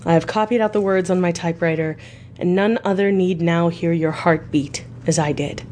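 A woman narrates a classic novel for a radio reading service. Her voice sits a little low and stays clear, even and unhurried. A faint background hiss sits behind her. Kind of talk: audiobook narration.

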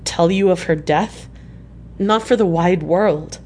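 A man's voice: sits high, slow pace, darkish tone, slight background noise. A woman voicing an earnest, embarrassed male doctor who speaks hesitantly and awkwardly. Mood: horrified.

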